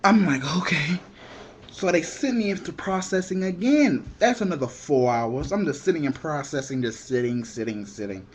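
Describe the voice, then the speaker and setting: A young man telling a comic story in an excitable way, shouting the punchlines and acting out the other people in it. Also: fairly high pitch, moderate pace, slight background noise.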